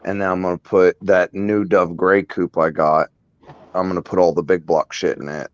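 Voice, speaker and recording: A man's voice: low-pitched, flat delivery, moderate pace, no echo. A man hosting a casual podcast, talking about cars in a rambling way and laughing often. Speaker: podcast host. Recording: dull lo-fi recording.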